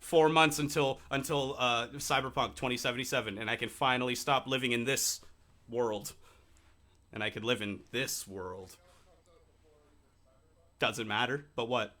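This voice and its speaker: A man's voice: mid-range voice, steady tone, unhurried, long pauses, bright, forceful tone. A young man co-hosting a podcast, chatting casually in a laid-back, joking, profane way. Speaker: podcast co-host. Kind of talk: casual chat.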